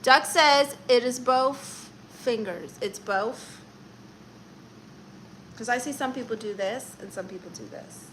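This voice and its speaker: Woman, live-stream host, casual chat, playful, reads comments aloud, bright voice, faint background hum. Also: fairly high pitch, slow pace. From Orlando, Florida.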